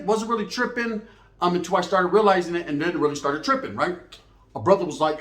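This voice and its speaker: A man's voice: sits high, fairly quick, a bit bright. A man telling a comic story in a rambling, slang-heavy way, often checking in with "right?". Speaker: storyteller host. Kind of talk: comic bedtime story monologue. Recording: echoey room.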